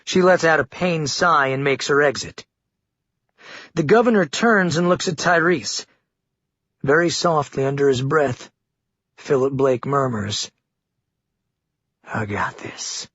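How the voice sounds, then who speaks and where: A man reading an audiobook in a measured, dramatic scripted narration. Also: a little high, a bit bright, no room sound. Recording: dull lo-fi dry recording.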